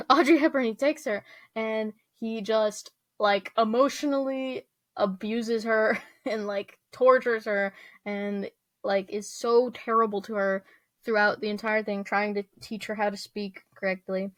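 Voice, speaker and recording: A woman's voice: fairly high pitch, fairly even intonation, unhurried, no echo. A young woman rambling through a casual rant, full of fillers, restarts and small laughs. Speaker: vlogger.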